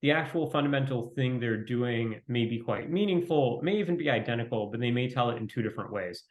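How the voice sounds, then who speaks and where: A man speaking as an interview guest, talking quickly in a fairly flat, reflective way. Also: medium pitch. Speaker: venture capitalist guest. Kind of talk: conversational interview. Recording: roomy echo.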